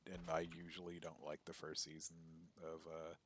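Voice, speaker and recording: A man's voice: extremely low pitch, completely flat delivery, moderate pace, a little hiss or hum. A man chatting casually with friends during a game stream, rambling, cursing and laughing as he tells stories. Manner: profane, laughing, rambling storyteller. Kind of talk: casual chat while gaming.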